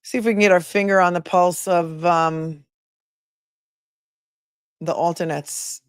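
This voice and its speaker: A woman attorney hosting a casual livestream, chatting and reading out viewer comments with quick asides. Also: lowish voice, steady tone, clear, resonant tone, no echo, clean studio sound. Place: home in a remote area.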